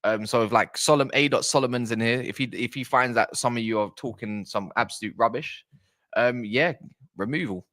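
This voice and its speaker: Speaking briskly in a mid-range voice, a South East London man runs a football stream. He keeps it chatty and casual, giving viewers shout-outs and reading their messages aloud.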